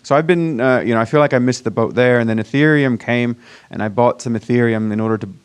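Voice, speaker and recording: A man's voice: mid-range voice, quick pace, clean tone. Chatty man with a mixed American-British accent. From Virginia, US. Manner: chatty, self-deprecating, many fillers and restarts. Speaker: startup founder pitching to an audience. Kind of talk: casual conference presentation. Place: conference room before a live audience.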